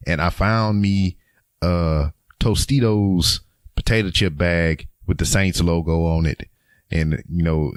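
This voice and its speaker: A young podcast host from Louisiana rambles through a casual solo outro in a low voice, loose and chatty with frequent ums and chuckles. The sound is dry and close to the mic, without room echo.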